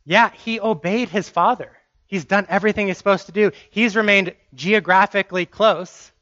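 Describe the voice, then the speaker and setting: Male preacher, high and bright, emphatic sermon delivery with repeated phrases; dry, slightly dull recording. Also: steady tone, moderate pace, no room sound.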